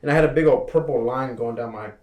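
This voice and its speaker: A young man chatting on a podcast, spinning a long, rambling story in a mid-pitched voice. He talks casually and with energy, dropping "bro" into nearly every sentence. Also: fast talker. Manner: rambling, animated, says "bro" constantly. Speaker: podcast guest.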